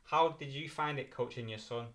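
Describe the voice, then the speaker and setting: Podcast host guy, mid pitch, asks quick easygoing questions. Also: a bit bright. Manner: brief agreeing, short questions. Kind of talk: casual interview.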